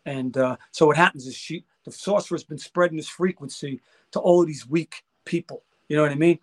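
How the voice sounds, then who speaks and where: Guy with a high voice chatting, excited storyteller, does all the voices himself. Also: fairly quick. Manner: excitable storyteller, acts out quoted dialogue. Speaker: guest musician. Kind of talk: casual chat.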